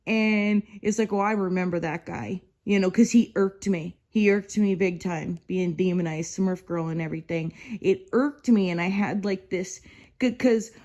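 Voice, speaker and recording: A woman's voice: lowish voice, moderate pace, a little mellow. A woman in her fifties talking in a casual, rambling monologue, exasperated and full of "you know" asides. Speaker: vlogger.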